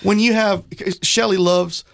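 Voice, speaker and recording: Radio host, male, gravelly fry, slightly high voice, playful and teasing. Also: steady tone, a little slow, noisy background. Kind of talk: casual radio chat.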